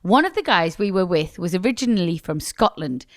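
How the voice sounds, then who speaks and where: A woman's voice: on the low side, very animated, brisk. Woman cohost reading a listener letter out, giggly and teasing, voice swings up and down a lot. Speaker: podcast co-host.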